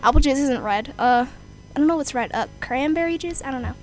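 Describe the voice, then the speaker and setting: High-voiced young woman yelling over horror gameplay. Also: fairly quick, faint music behind. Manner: easily scared, shouts and swears, jokey. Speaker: gamer. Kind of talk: horror game let's play commentary.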